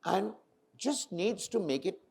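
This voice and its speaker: A man's voice: sits high, a little slow, creaky, breathy edge. A middle-aged man with an Indian English accent, a film director telling stories onstage and acting out the quoted dialogue. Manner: animated storyteller, acts out quoted dialogue. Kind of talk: casual onstage conversation.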